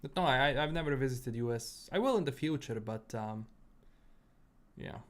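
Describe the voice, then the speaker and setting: A man's voice: medium pitch, lively intonation, moderate pace. A young man from Bosnia with a mixed, Bosnian-tinged English accent, chatting casually with viewers on a gaming livestream in an easygoing, rambling way. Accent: Bosnian-tinged English mixed with British and American sounds. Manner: easygoing, rambling, many fillers and repeats. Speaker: gaming streamer.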